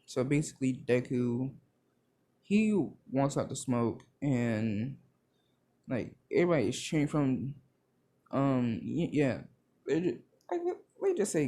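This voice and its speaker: A man's voice: mid-range voice, big pitch swings, slow, warm tone. A young man casually narrating a made-up fan story, rambling and full of fillers. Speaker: video creator.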